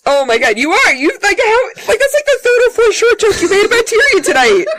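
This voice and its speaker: A woman's voice: very high voice, very animated, very noisy. A woman co-hosting a book podcast, chatting casually and laughing often. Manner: laughs often, quick exclamations. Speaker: podcast co-host. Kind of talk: casual chat.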